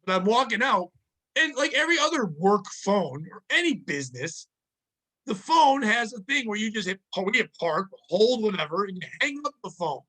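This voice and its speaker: A man co-hosting a podcast, telling work stories in a casual, profane, animated way and acting out the people in them. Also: sits high, normal speed, low-quality recording. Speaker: podcast co-host. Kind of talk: casual storytelling chat.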